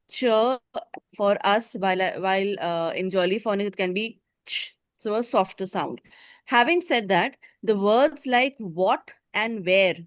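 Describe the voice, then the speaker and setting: A woman's voice: mid-range voice, a bit bright, dry recording. A woman teacher trainer, explaining step by step in an online session over a video call.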